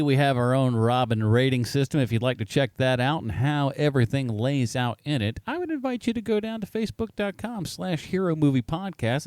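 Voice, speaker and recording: Podcast co-host, male, lively swooping delivery, slightly high voice, rambling, dry close sound. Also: no room sound. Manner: animated, rambling, self-correcting. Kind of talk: casual chat.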